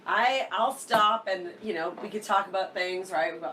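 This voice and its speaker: A woman's voice: on the low side, moderate pace, a bit bright, recorded from a distance, a little hiss or hum. A woman co-hosting a podcast in casual chat, giggly and chatty, often restarting her sentences. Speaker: podcast co-host.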